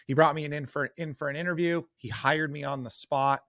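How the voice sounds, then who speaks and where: A man's voice: on the high side, fairly even intonation, a little fast, pushed and bright, no room sound. Earnest man telling stories, dry sound. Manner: earnest, self-deprecating storyteller with frequent fillers. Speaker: guest sales coach. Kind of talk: storytelling in a podcast interview.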